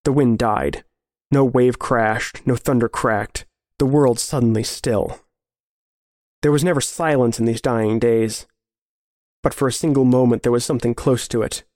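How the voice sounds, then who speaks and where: A man narrating a grim story in a measured, serious way. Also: medium pitch, a little mellow, no echo, studio quality. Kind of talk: scripted horror story narration.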